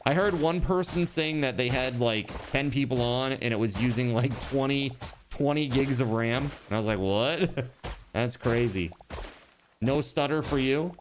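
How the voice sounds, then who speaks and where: A man streaming a game live, chatting casually with his viewers and thinking out loud. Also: medium pitch, a little slow, background noise. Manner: chatty, talks to chat, trails off and restarts. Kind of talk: casual live-stream chat while gaming.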